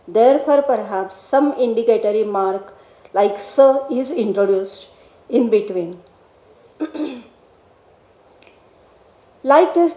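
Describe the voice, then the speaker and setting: A woman delivers a read academic lecture at a slightly raised pitch, her voice mellow and soft-edged. She speaks in a measured, deliberate way and takes care over each technical term. The sound is roomy, with the echo of a hall. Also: highs cut off. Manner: measured, deliberate delivery with careful pronunciation of Sanskrit terms. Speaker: scholar presenting a paper.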